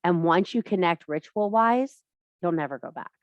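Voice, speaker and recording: A woman's voice: lowish voice, lively intonation, normal speed, no echo, lo-fi sound. A middle-aged woman leading a women's workshop over a video call, talking bluntly and emphatically with a lot of swearing. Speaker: women's circle leader. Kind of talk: casual workshop talk.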